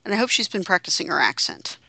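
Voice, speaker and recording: Bright dry-sounding woman, teasing podcast chat. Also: lowish voice, big pitch swings, fast, creaky, no echo. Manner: wry, teasing. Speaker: podcast co-host. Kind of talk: casual wrestling chat.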